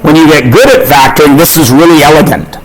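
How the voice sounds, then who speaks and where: A man's voice: on the high side, quick pace, a little hiss or hum, poor audio. A man teaching a math class in a casual way, often checking in with the students. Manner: informal, checks in with tag questions. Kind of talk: classroom lecture.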